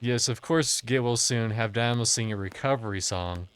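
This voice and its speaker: A man's voice: mid-range voice, normal speed, smooth. A man streaming a game live, chatting crudely and jokingly with his chat while a bit drunk. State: tipsy.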